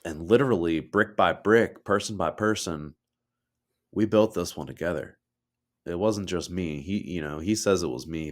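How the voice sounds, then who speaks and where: A man co-hosting a podcast, telling personal stories in a loose, heartfelt way and swearing freely. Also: low voice. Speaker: podcast co-host. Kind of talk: casual chat.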